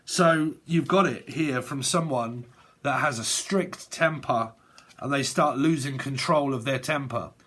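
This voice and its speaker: Rambling, sweary tarot reader. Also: male voice, mid-range voice, measured pace, a bit bright. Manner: rambling, sweary, laughs often. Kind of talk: casual tarot reading monologue.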